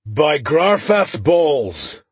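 A man reading an audiobook, voicing a boisterous male dwarf warrior with a growling, gravelly voice and drawn-out words. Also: mid-range voice, animated, a bit bright, no echo, exaggerated voice. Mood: roaring.

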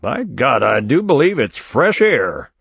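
A man's voice: medium pitch, very animated, a little slow, creaky, fairly bright tone, slightly rough, dry recording, voice pushed up, full character voice. A man voicing a sardonic young male economics graduate student, wry and exasperated, in an audiobook reading. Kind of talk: audiobook character voice.

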